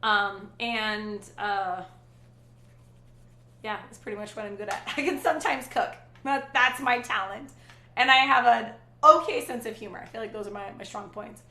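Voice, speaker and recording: A middle-aged woman hosts a casual livestream and rambles through viewer comments with easy asides. Her voice is bright and sits a bit high for a woman, and the room around her has a noticeable echo. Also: moderate pace, slight background noise. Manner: chatty and rambling, with frequent restarts and asides. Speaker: livestream host.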